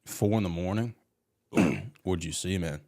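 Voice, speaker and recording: Super deep voiced guy hosting a podcast, chill, dead dry sound. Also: unhurried, creaky, a little mellow, dry recording. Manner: laid-back, short reactions and questions. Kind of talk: casual podcast chat.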